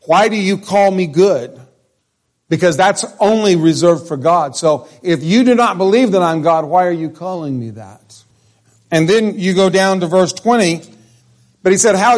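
Man, pastor, high voice, conversational sermon, questions to congregation, church. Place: church sanctuary.

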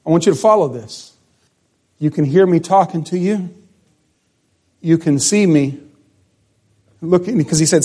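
A man preaching a sermon as pastor, repeating phrases and swinging between loud emphasis and hushed speech. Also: on the high side, lively intonation, normal speed, long pauses.

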